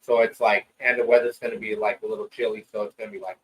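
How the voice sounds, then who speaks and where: A man hosting a podcast in casual chat, relaxed and quick to agree. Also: on the low side, recorded from a distance, a little hiss or hum, poor audio. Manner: laid-back, chimes in with short agreements.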